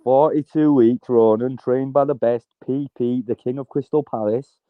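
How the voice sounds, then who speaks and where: A man's voice: mid-range voice, steady tone, normal speed, no echo. A man calling in to a live fight stream, teasing and mocking in casual banter and swearing often. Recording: tinny phone line, dry.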